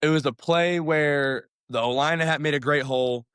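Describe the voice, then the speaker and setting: A young man, a high school football coach, talks in a casual interview, upbeat and rambling, with lots of fillers and restarts. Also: normal speed, fairly bright tone, smooth, dry recording, studio quality.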